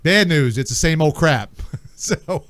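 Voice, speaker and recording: A man's voice: fairly high pitch, lively intonation, fairly bright tone, no echo. Brash man hosting a radio show. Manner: brash, joking, rapid patter. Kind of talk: casual radio talk.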